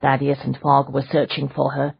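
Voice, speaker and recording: A woman narrating an audiobook in a measured, even storytelling voice. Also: rumbling low, gravelly, husky, no room sound, muffled recording. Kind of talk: scripted narration.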